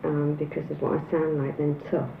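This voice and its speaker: A woman's voice: low-pitched, level tone, normal speed, vocal fry, echoey room, phone-quality sound, a little hiss or hum. A woman with a northern English accent speaking earnestly and bluntly in a documentary conversation. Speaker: interviewee.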